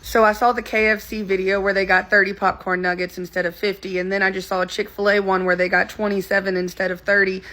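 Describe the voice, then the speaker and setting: Woman, casual talk, indignant, bright tone. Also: medium pitch. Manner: indignant, quick, confiding. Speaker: former fast-food worker.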